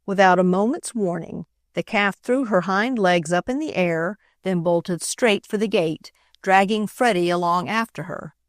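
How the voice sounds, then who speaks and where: A woman narrating a classic children's storybook in a steady, clear reading voice. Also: medium pitch, measured pace, hardly any pauses, no room sound, studio quality. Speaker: audiobook narrator.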